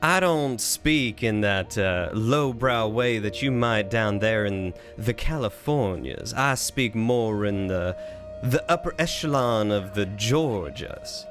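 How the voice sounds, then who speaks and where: A man streaming a game, putting on a slow, prim Southern drawl as a genteel upper-class Southern gentleman. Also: fairly low pitch, animated, music in the background. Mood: haughty. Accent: put-on Southern US drawl.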